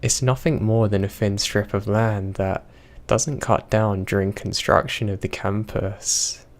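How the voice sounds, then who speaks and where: A young man reading horror stories aloud, in a slow, even storytelling manner. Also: fairly low pitch. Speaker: narrator.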